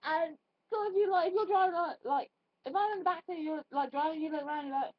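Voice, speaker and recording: Giggly high-voiced woman vlogger. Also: quick pace, dry recording, highs cut off. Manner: chatty, giggly, rambling with many fillers. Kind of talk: casual tag video chat.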